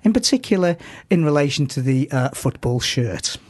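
Wry, slightly high-voiced man on radio. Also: expressive, normal speed, darkish tone. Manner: wry, sardonic, rambling with restarts. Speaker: regular comic contributor. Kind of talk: comic radio segment with a recited poem.

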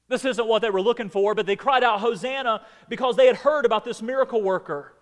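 A man preaching a sermon as pastor, swinging between emphatic outbursts and quiet, dropped phrases. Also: high-pitched, big-room sound. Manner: preaching with rising emphatic outbursts and dramatic drops. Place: church sanctuary.

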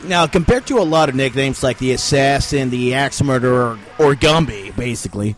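A man's voice: mid-range voice, lively intonation, normal speed, faint music behind. A man hosting a casual podcast interview, playful and teasing, swearing freely. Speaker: podcast host.

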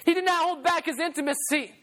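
A young man preaching a casual storytelling sermon, animated and slangy, laughing at his own stories. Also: very high-pitched, quick pace. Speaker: youth preacher.

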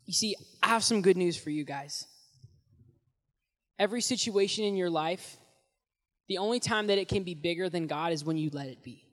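A young man preaching as a youth pastor, telling the story in an animated, casual way with slang, swinging between loud and hushed, in a large hall. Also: high voice, moderate pace, pauses often. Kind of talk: sermon. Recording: long echoey hall reverb.

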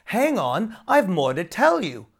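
A storyteller voicing a gossiping old farmer who speaks loudly and scornfully, drawing out his words in a storybook reading. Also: medium pitch, wildly swooping pitch, a little slow, husky, pitched above the performer's own voice, exaggerated voice.

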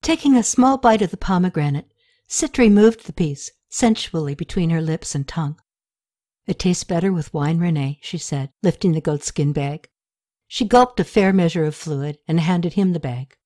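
A woman narrating a story aloud in a steady, even manner, her voice set slightly low. The delivery is measured and consistent from line to line. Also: no room sound, clean studio sound. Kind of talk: audiobook narration.

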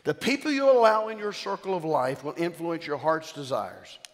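A man's voice: on the high side, moderate pace. Older preacher man in a reverberant hall. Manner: animated storytelling with call-outs to the congregation. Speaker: bishop and preacher. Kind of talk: sermon.

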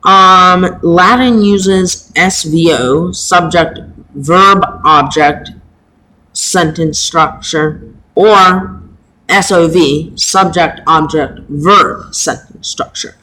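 A man teaching a Latin lesson, speaking haltingly with many pauses and fillers. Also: on the high side, bright, forceful tone, a little hiss or hum, rough recording. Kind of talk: slow home-made lesson.

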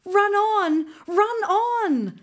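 Scared little boy voice, high and pleady, bouncy, woman doing it. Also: lively intonation, a little slow. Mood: urgent. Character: frightened young boy hero.

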